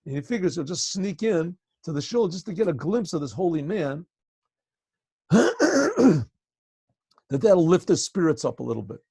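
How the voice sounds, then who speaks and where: Gravelly rabbi telling a story. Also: male voice, fairly high pitch, big pitch swings, normal speed, pauses often, mellow, dry recording. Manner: frequent throat clearing, loose conversational telling. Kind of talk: animated storytelling for a class. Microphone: video call.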